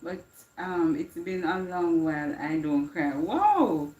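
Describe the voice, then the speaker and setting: A woman's voice: fairly low pitch, animated, slow, a little mellow, reverberant, highs cut off. A woman hosting a livestream, chatting reflectively, slipping into patois and laughing often. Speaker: livestream host. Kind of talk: casual inspirational chat.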